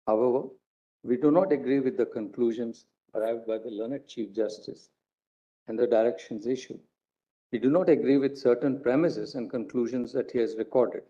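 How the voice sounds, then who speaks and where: Indian English man, mid-pitched and dark, careful formal judgment reading, muffled feed. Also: normal speed. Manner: formal, careful reading with small self-corrections. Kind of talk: reading a court judgment aloud. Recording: dull lo-fi courtroom broadcast.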